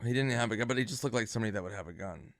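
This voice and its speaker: A man's voice: lowish voice, racing. A man casually telling funny anecdotes, swearing and acting out what people said. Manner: animated storyteller, swears, acts out quotes. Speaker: comedian guest.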